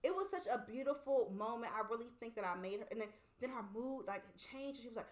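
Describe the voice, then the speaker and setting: Woman co-host, relaxed chatty storyteller who curses freely and acts out quotes, slightly high pitch. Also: fast talker. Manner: animated storytelling, swearing freely, acting out quotes. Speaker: podcast co-host. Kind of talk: casual chat.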